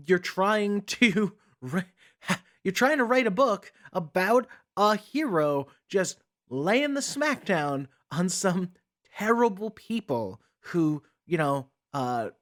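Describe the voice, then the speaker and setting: A man's voice: high voice, fairly bright tone. A man hosting a commentary channel, ranting with exasperated sarcasm and often repeating words as he starts a sentence.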